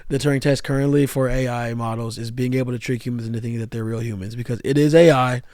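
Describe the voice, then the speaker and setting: A man's voice: medium pitch, steady tone, fast talker, a little mellow, dry recording, clean studio sound. A young man giving a rambling, slangy music commentary rant, full of fillers and restarts. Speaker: music YouTuber.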